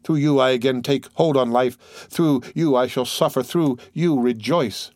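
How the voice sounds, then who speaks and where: A man voicing a brooding noble count, speaking in a solemn, measured way in an audiobook. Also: medium pitch, darkish tone, no room sound, clean studio sound, lightly acted.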